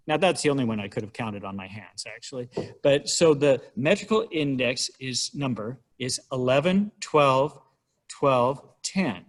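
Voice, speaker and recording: A middle-aged man talks through a hymnal in a relaxed, chatty lecture, with dry asides along the way. His voice sits at an everyday middle pitch, and he gets brighter and higher when he counts things out aloud. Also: normal speed. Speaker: church musician giving a talk on hymnals. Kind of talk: informal church lecture.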